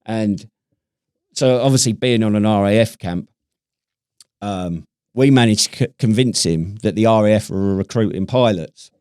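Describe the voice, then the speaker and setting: A man's voice: lowish voice, moderate pace, a little mellow, smooth, no echo, clean studio sound. A British man co-hosting a podcast, telling stories in casual chat with lots of swearing and laughter. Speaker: podcast co-host.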